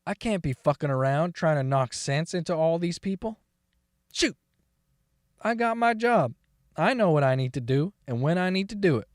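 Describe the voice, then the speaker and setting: Gruff, stubborn old farmer, read by a man, cursing and rambling in a folksy storytelling monologue. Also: a little high, lively intonation, normal speed, no room sound, studio quality, lightly acted. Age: older. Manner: folksy, rambling, heavy cursing, keeps saying "boy". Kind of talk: dramatic monologue reading.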